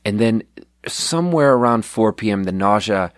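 Young man, podcast host, rambling and profane, lowish voice, dry close sound, tired. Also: animated, normal speed, dry recording. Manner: rambling, profane, self-deprecating. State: sleep deprived. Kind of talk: casual storytelling monologue.

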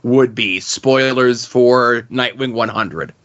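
A man's voice: medium pitch, slow pace, a bit bright. Rambling man on lo-fi audio. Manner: rambling, many fillers and "like"s. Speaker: podcast co-host. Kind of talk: casual chat.

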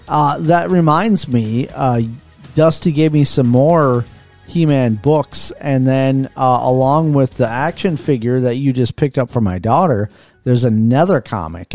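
A man's voice: medium pitch, measured pace, darkish tone, faint music behind. A man co-hosting a podcast in casual chat, joking and laughing easily. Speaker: podcast co-host.

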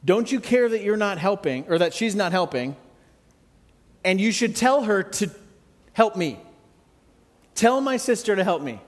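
A man's voice: high-pitched, lively intonation, unhurried, pauses often, in a large hall. A man voicing a complaining, exasperated woman who does all the work alone. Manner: complaining, accusatory.

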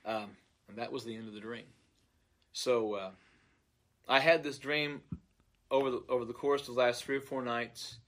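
Earnest man recounting a dream, halting. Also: mid-range voice, steady tone, fairly bright tone. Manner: earnest, halting, repeats words while searching for them. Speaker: pastor. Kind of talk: recounting a dream, unscripted monologue.

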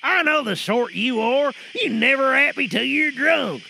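A man playing a relaxed actor who is voicing a growling pirate captain. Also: extremely high pitch, unhurried, vocal fry, a little hiss or hum, full character voice. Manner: drawling pirate growl, shrugs off scolding. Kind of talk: comedic sketch acting.

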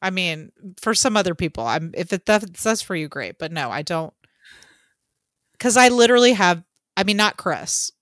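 A woman's voice: fairly low pitch, sing-song, normal speed, fairly bright tone, no echo, studio quality. Blunt, laughing woman podcast host. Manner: blunt, swears freely, laughs often. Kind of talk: casual chat.

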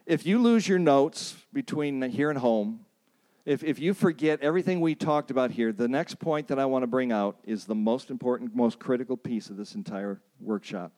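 Emphatic preacher, man, mid-pitched. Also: normal speed, a little mellow. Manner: emphatic, repeats phrases and asks the audience to say lines back; storytelling with self-deprecating asides. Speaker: preacher leading a workshop. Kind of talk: sermon.

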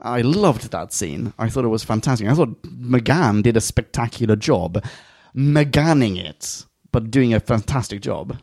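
A man's voice: mid-range voice, animated, measured pace, creaky, darkish tone, dry recording, clean studio sound. Articulate, chatty man reviewing. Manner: articulate, wordy, self-deprecating. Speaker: podcast co-host. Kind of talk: casual review chat.

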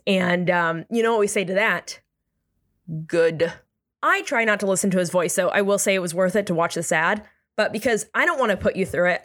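A young adult woman hosting comedic news commentary, sarcastic and exasperated, with animated asides. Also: medium pitch.

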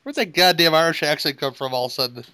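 A man's voice: on the high side, fast, bright, forceful tone, clear, resonant tone, rough recording. A man co-hosting a movie commentary podcast, making crude jokes in casual running chatter over the film. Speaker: podcast co-host.

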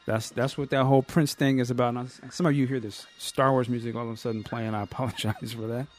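A man's voice: mid-range voice, steady tone, fast talker, soft background music. A man from the United States hosting a podcast, talking in a loose, rambling way with many fillers. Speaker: podcast host. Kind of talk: casual chat.

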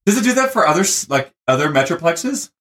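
A man's voice: fairly high pitch, fast talker. A man from Texas, a podcast guest, telling stories in casual chat and laughing often. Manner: animated storytelling, laughs often.

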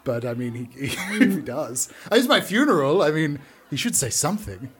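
A man's voice: on the high side, sing-song, fairly quick. A man hosting an improv comedy show in character, brash and showy, laughing often. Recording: echoey room, faint noise.

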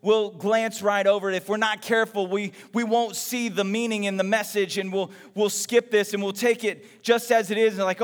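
A man from Texas preaching a sermon in a conversational, animated way, acting out everyday voices. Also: sits high, moderate pace, hardly any pauses, in a large hall. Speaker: pastor.

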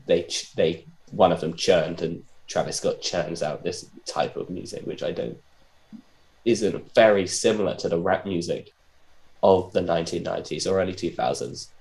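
Man, deep low voice, hesitant, lots of fillers, casual talk. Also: creaky, a little mellow. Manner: hesitant, filler-heavy, searching for words. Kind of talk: casual conversation about poetry and rap.

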